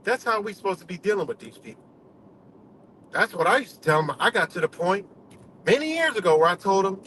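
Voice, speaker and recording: A man's voice: high-pitched, very animated, fairly quick, sharp tone, a little hiss or hum, rough recording. A man hosting a live stream, ranting bluntly with heavy cursing and lots of "you know" fillers, from New York State. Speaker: livestream host. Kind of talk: profane casual rant.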